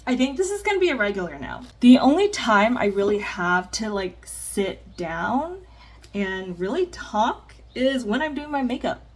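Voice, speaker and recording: A woman's voice: on the high side, sing-song, unhurried. A woman chatting candidly in a get-ready-with-me vlog, rambling with plenty of fillers while doing her makeup at home. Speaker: vlogger. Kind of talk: casual get-ready-with-me chat.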